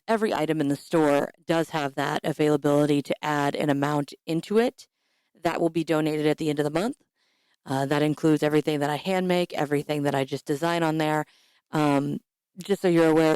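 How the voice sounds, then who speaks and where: Low raspy-voiced woman podcaster. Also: darkish tone, no room sound, studio quality. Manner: chatty, rambling, with frequent fillers. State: hoarse. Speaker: podcast host. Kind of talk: casual podcast announcements.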